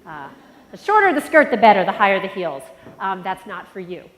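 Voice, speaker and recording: A middle-aged woman speaks at a conference, telling her own story in a heartfelt, reflective way, with sudden lifts in pitch and volume. Her voice sits in an ordinary middle range. A long reverb trails after her words in a large hall. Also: very animated, fairly quick. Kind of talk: personal storytelling speech.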